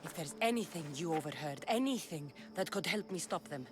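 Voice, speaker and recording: An actress playing a wry, steady mercenary heroine, calm and matter-of-fact. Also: female voice, fairly low pitch, fairly quick, lightly acted. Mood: dry. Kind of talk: game cutscene acting. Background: game score music.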